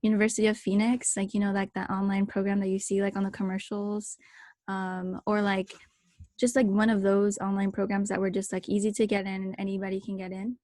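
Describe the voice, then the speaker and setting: A woman's voice: mid-range voice, a little fast, no echo, clean studio sound. A young woman co-hosting a podcast, telling a personal story in casual chat, full of fillers. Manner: animated storytelling, many fillers. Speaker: podcast co-host.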